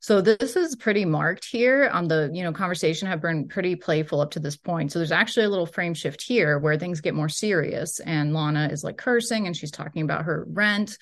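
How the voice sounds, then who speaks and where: A woman lectures from a transcript, explaining each line and hedging as she thinks aloud. Her voice sits somewhat low. She talks in a relaxed, tentative way. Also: fairly quick, hardly any pauses. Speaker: linguistics lecturer. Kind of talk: recorded lecture walking through a transcript.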